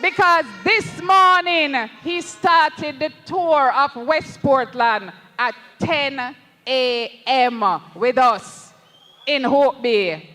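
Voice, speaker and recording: A high, bright Jamaican voice gives a political rally speech, impassioned and emphatic, pressing each point to the leader beside them. The words come slowly and deliberately. The sound rings through a long, echoey reverb. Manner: impassioned, slow and emphatic, repeatedly addresses the party leader. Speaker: parliamentary candidate at a party rally.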